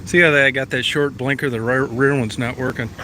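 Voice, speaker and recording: A middle-aged man talking casually outdoors next to his old van, in a plain, folksy way with some mild cursing. His voice sits at an ordinary middle pitch. Engine and outdoor noise run clearly behind him. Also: steady tone, fairly quick, bright, forceful tone. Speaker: vlogger. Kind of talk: casual chat. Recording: noisy outdoor recording with engine sounds. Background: vehicle and engine noise.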